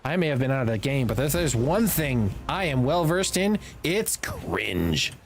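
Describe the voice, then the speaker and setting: A streamer chats casually over gameplay, half talking to themselves, with a throat that sounds a little tickled. The voice sits mid-pitch but climbs and drops all over the place, turning suddenly exasperated and loud before settling back into a low mutter. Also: measured pace, slight background noise. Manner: animated, rambling self-talk with sudden exasperated outbursts. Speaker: live streamer playing a game.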